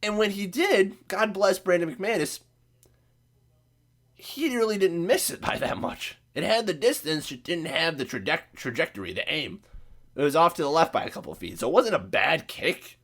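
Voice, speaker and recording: Midwestern guy with a cold, voice cracking, fired-up sarcastic sports rant, a touch high-pitched. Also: moderate pace. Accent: Midwestern American. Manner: profane, sarcastic, animated ranting. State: sick, voice cracking. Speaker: podcast host.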